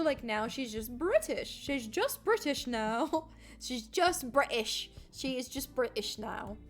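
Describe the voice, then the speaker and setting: Casting: playful woman streamer, slightly high voice, rambling commentary, soft music under. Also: lively intonation, unhurried, few pauses. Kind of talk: casual game commentary.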